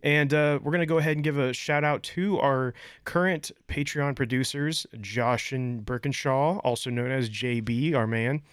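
A man's voice: mid-range voice, moderate pace, few pauses, clear, resonant tone, dry recording, studio quality. A man hosting a casual podcast, talking in a loose, jokey way with plenty of fillers. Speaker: podcast host.

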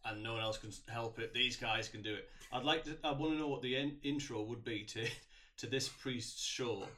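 A man's voice: medium pitch, pushed and bright. A man co-hosting a comedy podcast, upbeat and asking the others questions. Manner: upbeat, quick to laugh, leads the questions. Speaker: podcast co-host. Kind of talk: casual comedic chat. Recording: faint background noise.

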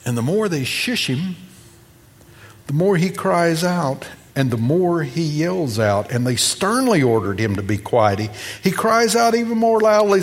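A man preaching a sermon, telling a gospel story and acting out its voices, moving between loud and hushed. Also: on the high side, sing-song, unhurried. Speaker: pastor. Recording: long reverb of a hall.

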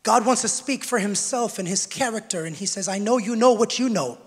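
Male pastor, high voice, preaching in a reverberant sanctuary, shouts and softens by turns, playful with the crowd. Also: brisk, slightly rough. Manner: swings from shouted preaching to quiet teaching; jokes with the congregation. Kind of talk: sermon. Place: church hall with congregation. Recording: long church hall reverb.

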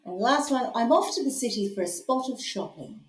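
A woman's voice: on the high side, big pitch swings, a little fast. A woman hosting a podcast, chatty and laughing, rambling through asides, a little hungover. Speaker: podcast host and storyteller. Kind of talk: casual chat. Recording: echoey room.

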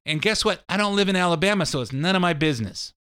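A middle-aged man holds forth in a blunt, ranting monologue, circling back and repeating his points. His voice sits a little high for a man and comes through smooth and clean. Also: expressive, fast talker, pushed and bright. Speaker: show host. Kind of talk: opinionated political monologue.

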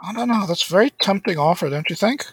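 A man's voice: high voice, lively intonation, fast talker, soft background music. A man playing a tabletop role-playing game, joking, sarcastic and profane. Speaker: player. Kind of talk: casual tabletop role-play.

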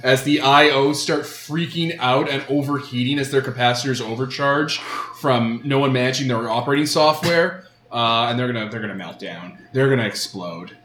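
A man's voice: mid-range voice, moderate pace, a bit bright, a little hiss or hum. A man running a tabletop role-playing game as game master, describing scenes with many fillers. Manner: descriptive, filler-heavy narration. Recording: roomy sound with faint music.

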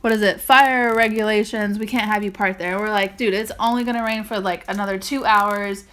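Woman, mid-pitched, chatty casual storyteller, laughs easily. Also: steady tone, brisk, a bit bright. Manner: chatty, laughs often, quotes people.

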